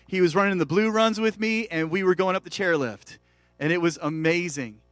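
Pastor, male, 40s; lively sermon storyteller, raised voice, dry close sound, faint music bed. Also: high voice, no echo. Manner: animated, acts out quoted dialogue with big swings in volume.

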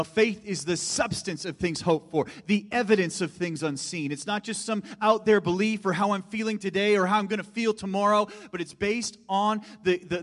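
A middle-aged male pastor preaching with animated energy, pushing some phrases out loud and dropping others to a hush. His voice sits a little high for a man, and a long reverb trails every phrase, as in a large church. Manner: animated preaching, swings from loud emphasis to hushed asides. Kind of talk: sermon.

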